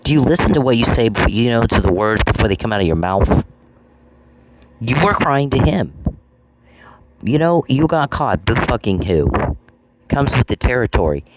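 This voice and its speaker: Scornful man ranting on a podcast. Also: lowish voice. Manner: scornful, taunting, repeats phrases, swears. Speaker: podcast host. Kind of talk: angry podcast rant. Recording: noisy with clicks.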